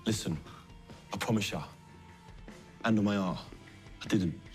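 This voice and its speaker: A man's voice: on the low side, unhurried, faint music behind, close to an everyday voice. An actor playing a man on the run, earnestly pleading his case. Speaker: former band member on the run.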